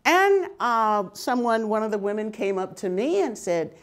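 An older woman giving a personal storytelling talk, animated and often laughing as she speaks. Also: a little high, normal speed, few pauses.

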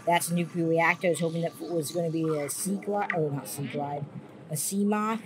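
A woman's voice: low-pitched, steady tone, a little fast, background noise. A woman giving casual, rambling commentary while playing a game, swearing and getting jumpy at scares. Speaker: gaming YouTuber.

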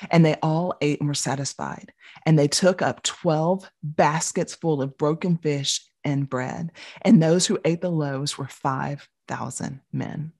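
A middle-aged woman teaching a Bible study, telling the story with animated voices for the people in it. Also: low voice.

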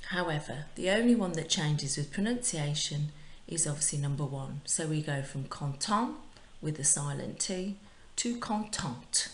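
A woman teacher giving a recorded remote lesson, speaking clearly and patiently and drilling words for her pupils to repeat. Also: deep voice, moderate pace. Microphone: home recording for remote class. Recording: echoey room.

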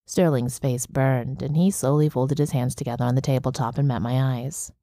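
A woman narrating a first-person audiobook in a steady storytelling manner. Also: extremely low pitch, moderate pace, no room sound, studio quality. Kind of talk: scripted narration.

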